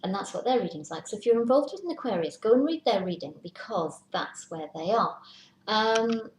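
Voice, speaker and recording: A woman's voice: medium pitch, expressive, moderate pace. Chatty woman reading tarot, echoey room. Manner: chatty, acts out worried inner voices in whispers. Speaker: tarot reader. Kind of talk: casual tarot reading to camera. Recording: echoey room, faint hiss.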